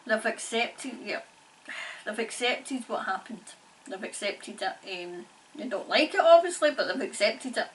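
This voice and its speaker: Scottish woman, halting and repetitive, faint background noise. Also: on the high side, expressive, distant mic, low-quality recording. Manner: halting, repeats phrases, laughs often. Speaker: psychic medium. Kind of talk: channelling session, casual monologue.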